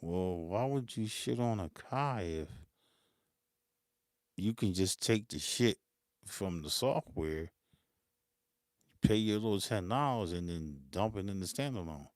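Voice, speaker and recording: Animated, profane man ranting about gear. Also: fairly low pitch, measured pace, long pauses, dry recording, clean studio sound. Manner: profane, animated, laughing, mimics critics. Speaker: beatmaker hosting his channel. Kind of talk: unscripted monologue, ranting.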